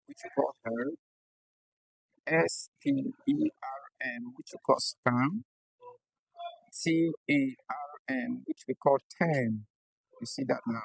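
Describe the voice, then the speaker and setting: A man teaching English pronunciation at a board, spelling out letters slowly and checking in often with his students. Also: mid-range voice, vocal fry, breathy edge, no echo, rough recording. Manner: slow, deliberate, spells out letters and checks in with the class. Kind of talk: classroom lesson at a board.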